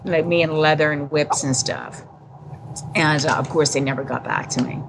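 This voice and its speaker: Low-voiced woman in her fifties. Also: normal speed, noisy background. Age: 50s. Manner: candid, laughing, acts out dialogue. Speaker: podcast guest. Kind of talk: casual storytelling.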